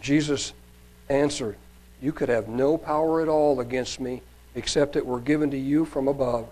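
A man preacher with a mid-range, darkish voice reads Bible passages aloud and adds sermon comments at a normal speed, his intonation fairly even. He raises his voice for quoted cries and uses some fillers and restarts. The recording is rough.

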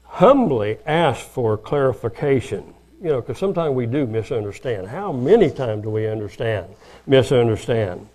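An older man delivers a homespun sermon at a middle pitch. He talks casually and jumps into bits of acted-out conversation. His delivery stays plain and easygoing, like a preacher talking to his congregation. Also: animated, moderate pace, dark tone. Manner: folksy and conversational, acting out quoted dialogue.

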